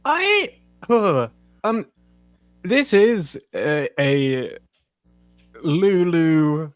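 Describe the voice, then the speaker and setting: A man's voice: a little high, big pitch swings, extremely slow, clean tone, no echo, faint music behind. A man on a podcast panel, talking in a hesitant, rambling way. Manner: hesitant, rambling, with many fillers and restarts. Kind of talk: casual chat.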